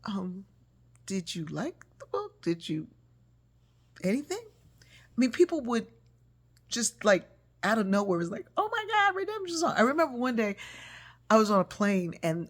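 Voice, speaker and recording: A woman author telling a personal story in a casual, animated way, acting out the voices she quotes. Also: fairly low pitch, slightly rough.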